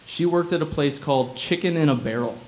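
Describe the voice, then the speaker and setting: A man's voice: fairly high pitch, fairly quick, darkish tone, a little hiss or hum, poor audio. A young man from Illinois reads his humorous personal essay aloud. His delivery is wry and sardonic, with dry asides. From Illinois, USA. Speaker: writer reading his essay.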